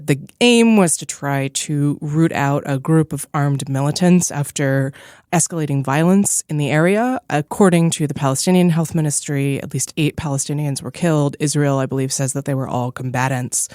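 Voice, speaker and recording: A middle-aged woman co-hosting a current-affairs podcast, briefing in a measured, careful way. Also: low voice, a little mellow, no echo, studio quality. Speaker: podcast co-host. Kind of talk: casual panel discussion.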